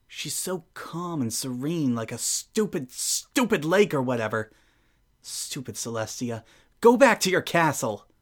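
An anxious, studious young female unicorn, voiced by a man, frets to herself in tense, clipped phrases. Her voice often jumps up in pitch as her exasperation builds. This is a fan audio drama monologue.

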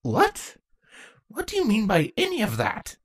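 A woman's voice: fairly high pitch, wildly swooping pitch, measured pace, voice pushed up, exaggerated voice. A woman voicing a laid-back, teasing young female changeling in a storybook reading. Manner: casual, dry, teasing.

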